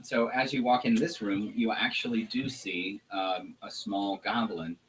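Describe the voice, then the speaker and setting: A man running a tabletop game for his sons as game master, narrating in an unhurried, hesitant way. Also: fairly low pitch, fairly even intonation, a bit bright, a little hiss or hum, poor audio. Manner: unhurried, hesitant, lots of fillers and restarts.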